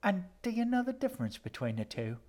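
A man's voice: high voice, big pitch swings, brisk, a little mellow, pitched above the performer's own voice. A man voicing a stubborn young girl who asks a lot of questions. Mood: petulant. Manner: petulant, questioning.

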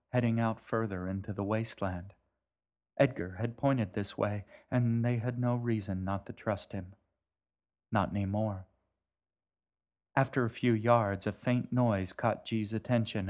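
A man, the author, narrating his own story in a gentle, measured way. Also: fairly low pitch. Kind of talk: audiobook narration.

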